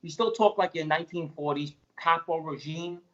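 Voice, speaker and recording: A man's voice: on the high side, normal speed, lo-fi sound. A man in a played podcast clip, talking bluntly with frequent restarts. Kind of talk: casual chat.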